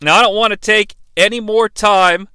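A man in his forties hosting a comedic bad-movie review show, sarcastic, profane and excitable. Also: high-pitched, moderate pace, clear, resonant tone, no room sound.

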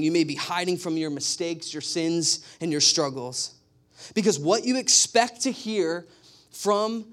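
A man preaching a sermon, telling stories with animated, emphatic repetition. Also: fairly high pitch. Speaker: pastor.

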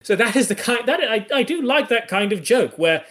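A man's voice: extremely high pitch, animated, moderate pace, fairly bright tone. A man co-hosting a podcast, talking through a classic comedy in a thoughtful, casual way with frequent restarts. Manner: thoughtful, restarts and hedges while analysing. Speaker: podcast co-host. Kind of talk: casual discussion of a classic play.

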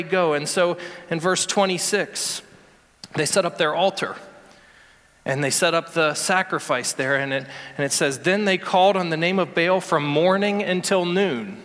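Guy pastor preaching, high voice, gets loud n emphatic, big hall echo. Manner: animated preaching, rising to emphatic peaks. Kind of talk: sermon.

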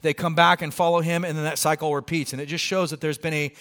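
A man's voice: a little high, fast. A male pastor preaching a sermon in a casual, conversational way, acting out the people in the story. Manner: conversational, acts out quoted lines with lively voices.

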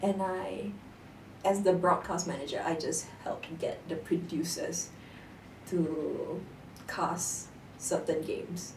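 A young woman talks casually and tells her stories with animated energy. She sits back from the microphone in an echoey room. A faint hiss runs under her voice. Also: lowish voice, takes it slowly. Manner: animated storytelling, laughs often. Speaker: guest. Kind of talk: casual chat. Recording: echoey room, distant mic, faint noise.

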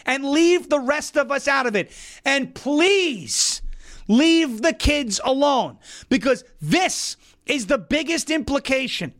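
A man's voice: very high voice, fairly bright tone. A man hosting an opinion show, delivering indignant, emphatic commentary. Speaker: political commentary host.

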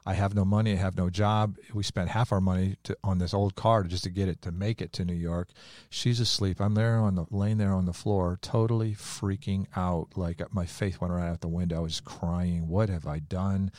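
A pastor with a low voice talks through a personal story in an earnest, confessional way. The sound is dry and close, with no room around it. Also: male voice, fairly even intonation, a little fast, darkish tone, no room sound. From United States. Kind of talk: conversational faith talk.

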